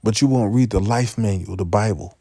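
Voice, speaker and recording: A man giving a profane, impassioned street-preaching rant, full of stammered restarts and sudden rises to near-shouting. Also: on the low side, fairly quick, dry recording.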